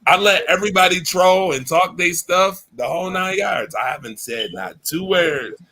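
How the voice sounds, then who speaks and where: A man hosting a loose sports talk show, talking emphatically and circling back to the same points. His voice comes across bright and forceful. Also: high-pitched, moderate pace. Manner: emphatic, repeats himself. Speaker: show host.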